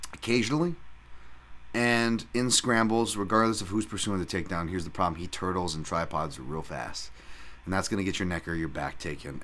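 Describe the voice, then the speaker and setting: A man hosting a solo podcast who talks in rambling, profane, animated rants. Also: lowish voice. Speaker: podcast host and fight analyst.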